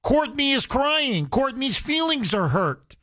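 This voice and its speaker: Man doing a raised, high-pitched impression of an irate mother demanding to see HR. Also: big pitch swings, slow, sharp tone, no room sound, clean studio sound, exaggerated voice. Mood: indignant. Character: outraged middle-aged mother scolding a boss.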